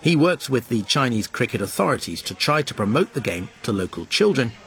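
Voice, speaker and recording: A man reporting, with measured scripted documentary narration. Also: medium pitch, big pitch swings, a bit bright.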